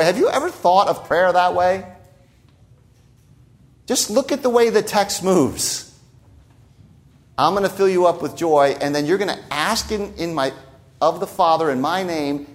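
A man preaching a sermon in a conversational way, often adding "right?" asides. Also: high voice. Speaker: pastor.

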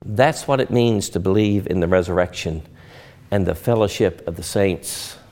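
A male pastor preaching a sermon, earnest, building to loud emphatic swells and slowing for solemn pauses. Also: low voice.

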